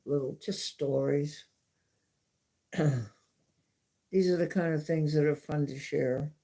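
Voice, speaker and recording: A woman's voice: low voice, fairly even intonation, takes it slowly, creaky, dark tone. A woman hosting a livestream from home, telling stories in a chatty, casual way and repeating herself for emphasis. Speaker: livestream host. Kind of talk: casual storytelling.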